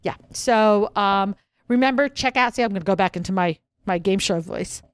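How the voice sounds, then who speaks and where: A woman co-hosting a podcast in casual chat, chatty and excitable, often trailing off mid-sentence. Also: mid-range voice, normal speed, clean tone, no room sound, studio quality. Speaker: podcast co-host.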